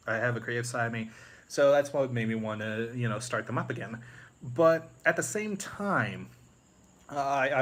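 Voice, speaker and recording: A man's voice: medium pitch, fairly bright tone. Rambling man chatting on a live stream. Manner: rambling, many fillers, breaks into movie-quote impressions. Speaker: YouTube creator on a live stream. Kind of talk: casual live-stream chat.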